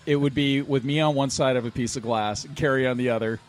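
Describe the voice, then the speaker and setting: A man's voice: mid-range voice, fairly even intonation, fast. A man joking around in a casual podcast chat, playful and teasing.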